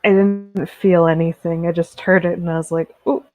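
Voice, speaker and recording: A woman talking casually and laughing easily, her voice sitting a bit low. She comes through a tinny, phone-like line that sounds dry and close. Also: level tone, normal speed, no room sound. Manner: laid-back, laughs often. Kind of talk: casual late-night chat.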